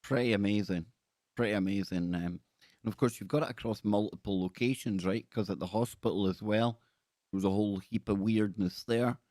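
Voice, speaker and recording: A male podcast host chats with his guest in an eager, casual way and reads out listener comments as he goes. His voice sits somewhat low. The recording is dry and close, with no room echo. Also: a little fast, warm tone. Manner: chatty and enthusiastic, reading out listener comments. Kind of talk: casual interview chat.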